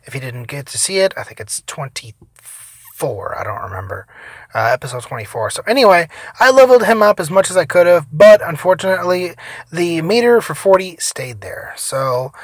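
A tired young man giving casual, profane gameplay commentary, rambling between loud outbursts and mumbled asides. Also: on the high side, lively intonation, normal speed, dry recording. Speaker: gaming vlogger.

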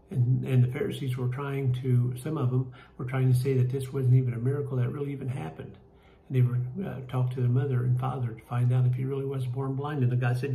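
Gravelly man teaching a Bible study. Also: mid-range voice, little pitch movement, mellow, echoey room, poor audio. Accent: Kentucky. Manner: folksy, halting, many fillers and restarts. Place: church room.

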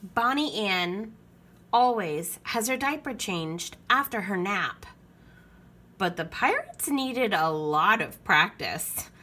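A woman reading a children's picture book aloud with expressive storytelling. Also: mid-range voice, slow pace.

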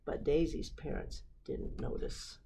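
A woman reading a picture book aloud for a library storytime, expressive and stopping to ask the listeners questions. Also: measured pace, a little hiss or hum.

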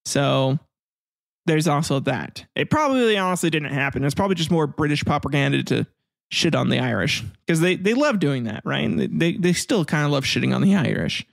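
A man's voice: on the high side, sing-song, brisk, gravelly, no room sound, clean studio sound. A man hosting a history podcast in casual chat, rambling between reading notes and crude joking asides. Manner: rambling, jokey, crude asides, frequent laughs. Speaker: podcast host.

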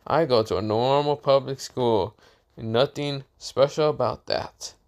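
A man's voice: mid-range voice, a little slow, a little mellow, natural voice. A man voicing a bored, rude teenage boy assassin who answers in a dismissive, sarcastic way and swears.

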